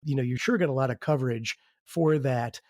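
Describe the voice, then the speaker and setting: A man hosting a podcast interview, asking long, measured questions. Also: medium pitch, darkish tone, no room sound, clean studio sound. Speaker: podcast host.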